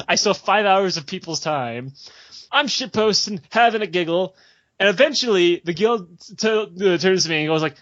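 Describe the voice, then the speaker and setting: A young man spins a rambling, profanity-laced story with loose giggles, his voice sitting a bit high for a man. The audio is dull and lo-fi. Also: expressive, normal speed, a bit bright. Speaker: podcast host. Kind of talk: casual storytelling chat.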